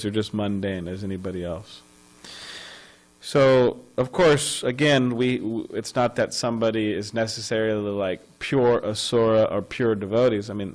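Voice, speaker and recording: In a temple ashram, a man gives a scripture class with a fairly low voice, speaking loosely and conversationally with chuckles and asides. The recording is rough.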